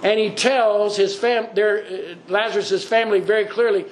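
A man's voice: high voice, fairly even intonation, moderate pace, hardly any pauses, poor audio. A man preaching a sermon in an earnest way, repeating phrases for emphasis.

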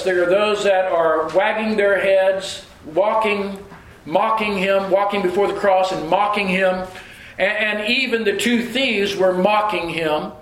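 A man's voice: high voice, fairly bright tone, roomy sound, poor audio. A man preaching a sermon and teaching scripture verse by verse, often repeating words as he restarts his phrasing.

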